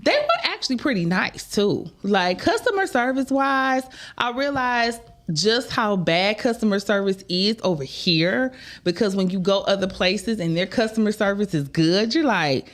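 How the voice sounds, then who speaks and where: A woman hosting a live podcast, talking in a chatty, drawn-out, conversational way. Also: mid-range voice, expressive. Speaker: podcast host. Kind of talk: casual live-show chat.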